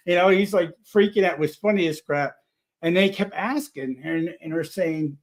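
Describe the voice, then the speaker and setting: A man telling a story in a casual chat, rambling and animated, full of restarts. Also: fairly high pitch, moderate pace. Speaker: paranormal investigator guest.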